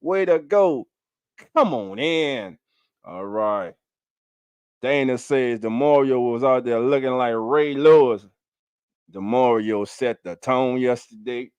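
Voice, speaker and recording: A man hosting a casual fan livestream. He talks emphatically, repeats key lines for punch and gives shout-outs to viewers in the chat. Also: mid-range voice, slow pace, smooth, dry recording. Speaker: fan show host. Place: home livestream setup.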